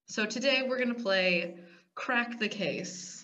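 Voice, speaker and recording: A woman hosts a relaxed group video and brings in the day's game. She speaks very slowly and lets each phrase stretch out playfully. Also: on the high side, highs cut off. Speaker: host. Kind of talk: casual group chat, introducing a game.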